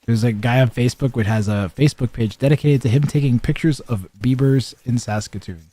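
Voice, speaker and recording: A man's voice: medium pitch, fairly quick, dark tone, no room sound. A young man streaming a strategy game, chatting casually with viewers and commentating, rambling with lots of fillers and restarts.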